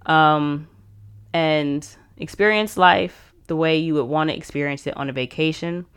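A woman's voice: low-pitched, a little slow, fairly bright tone, smooth. A woman hosting a podcast, chatting casually, rambling and laughing often. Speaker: podcast host.

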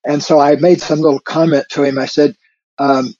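Mellow husky man telling a story. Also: fairly high pitch, little pitch movement, no room sound, highs cut off. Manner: reflective, unhurried, with soft chuckles. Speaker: podcast co-host. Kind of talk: conversational storytelling.

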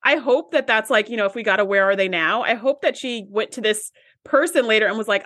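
A woman co-hosting a podcast, retelling an episode in animated, chatty talk and laughing easily. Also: fairly high pitch, brisk. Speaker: podcast co-host. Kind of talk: casual recap chat.

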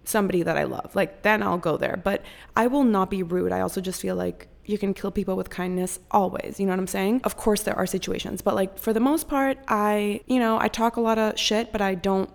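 A young woman with a gravelly, fry-laden voice tells a story on her podcast in loose, casual chat. She talks with profane, animated energy and often slips into acted-out voices of the people she is describing. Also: mid-range voice, fairly quick. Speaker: podcast host.

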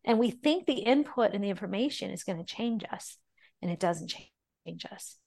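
Gravelly-voiced woman sharing an earnest testimony. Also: medium pitch, expressive. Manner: earnest and emotional, often slowing down and softening. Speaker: podcast guest, ministry founder. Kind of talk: personal testimony in a podcast interview.

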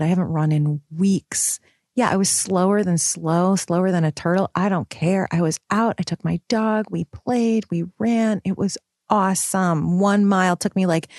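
A woman in her thirties talking to her audience in a casual, animated personal vlog. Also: fairly low pitch, normal speed, no room sound, studio quality. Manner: animated, expressive, swings between excited and soft. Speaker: mom vlogger and women's coach.

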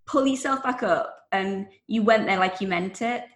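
A woman's voice: medium pitch, normal speed, roomy sound. A woman co-hosting a casual chat, encouraging and laughing often. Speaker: podcast co-host.

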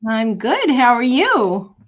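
A woman's voice: on the high side, sing-song, slow pace. A woman from the United States, a business coach, talking in an upbeat, easy-laughing way in an online interview. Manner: warm, upbeat, laughs easily.

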